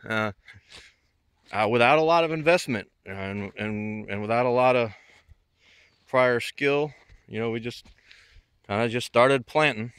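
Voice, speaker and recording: Smooth-voiced man touring his homestead. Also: medium pitch, fairly bright tone, no room sound. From Southern United States. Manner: rambling, many fillers and restarts. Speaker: homesteader vlogger. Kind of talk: casual walking tour narration. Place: outdoors on a rural homestead.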